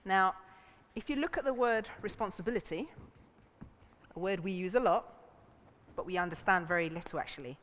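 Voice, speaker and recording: Speaking at a moderate pace with a medium pitch, a woman leads a relationships seminar in a seminar room. She's animated, acting out voices in quotes and laughing often, and the recording carries a long hall reverb.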